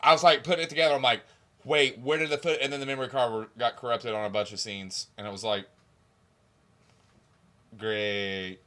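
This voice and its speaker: A man's voice: medium pitch, steady tone, rapid-fire, few pauses, a bit bright. A young man casually chatting on a stream, rambling and swearing as he reminisces about old videos. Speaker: stream co-host.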